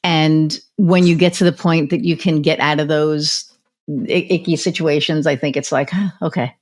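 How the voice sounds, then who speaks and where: A woman with a fairly low voice hosts a podcast in a loose, chatty way. She tells stories with lots of "you know," stops to act out what people said, and moves quickly from one anecdote to the next. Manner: animated anecdotes, acts out quoted voices; frequent fillers like "you know". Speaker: podcast host. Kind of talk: casual conversational storytelling.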